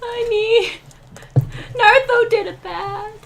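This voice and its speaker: A woman voicing a clumsy, tearful male character who speaks in broken, childlike grammar and cries out in a high, shrill voice. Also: little pitch movement, quick pace, dark tone, slight background noise, lightly acted. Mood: distraught. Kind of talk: tabletop game role-play.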